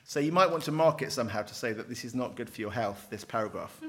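A middle-aged man lecturing on theology from a handout, lively, with wry, self-deprecating asides. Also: medium pitch, fast, hardly any pauses. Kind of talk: teaching with a handout.

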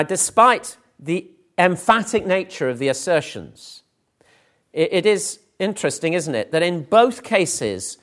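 A man preaching a sermon, working carefully through scripture passages. His voice sits slightly higher than most men's. He talks earnestly and often restarts a phrase before going on.

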